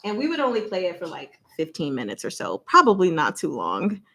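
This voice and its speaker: A young woman hosting a casual livestream, chatting with viewers, speaking slowly and deliberately and laughing often. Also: fairly low pitch, wildly swooping pitch, sharp tone, breathy edge. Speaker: channel host.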